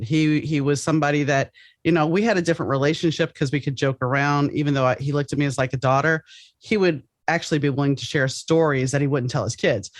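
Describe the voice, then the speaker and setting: A woman hosting a podcast, chatting casually in a rambling, animated way with many restarts. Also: sits low, no room sound. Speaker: podcast host. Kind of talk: casual interview chat.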